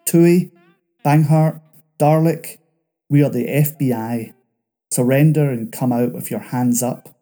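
A man voicing a stern FBI agent who barks surrender orders over a loudspeaker. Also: medium pitch, fairly even intonation, unhurried, soft background music, natural voice. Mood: commanding. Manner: loud, commanding orders.

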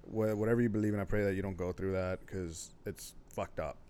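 A man's voice: deep voice, steady tone, fairly quick, dark tone, a little hiss or hum. A man hosting a casual podcast chat, talking bluntly and swearing freely as he rants. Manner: profane, blunt, ranting. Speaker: podcast host.

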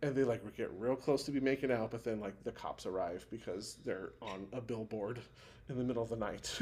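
A man's voice: on the low side, brisk, darkish tone, slight background noise. A man co-hosting a podcast, casually recapping a TV show in a rambling way with lots of fillers and restarts. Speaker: podcast co-host.

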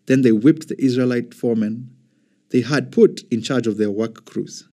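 A man narrating an audio Bible in an even, measured scripted reading. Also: medium pitch. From Kenya.

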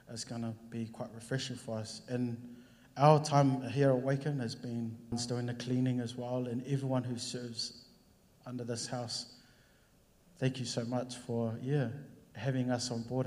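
Man telling a story in a reverberant church hall. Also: medium pitch. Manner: storytelling, acting out conversations with lively voices. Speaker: church worship leader sharing a testimony. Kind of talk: casual sermon testimony.

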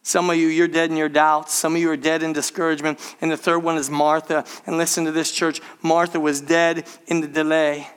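A man's voice: on the high side, level tone, brisk, hardly any pauses, smooth. A man preaching a sermon, addressing the congregation as church and acting out the people he quotes. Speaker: pastor.

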